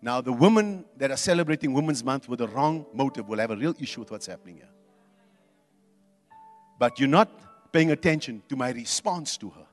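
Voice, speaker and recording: A man preaching a sermon, swinging from quiet asides to loud, emphatic preaching. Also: medium pitch, lively intonation, brisk, in a large hall, soft background music. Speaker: pastor.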